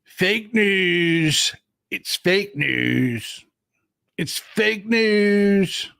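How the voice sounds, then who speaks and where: A man doing a blustery older politician, scoffing and mocking, with words dragged out slowly. The voice is pitched well above his own and has a changed, odd tone. It comes across as a quick impression during a livestream. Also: expressive, gravelly, fairly bright tone, clear, resonant tone, no echo, studio quality, heavily acted.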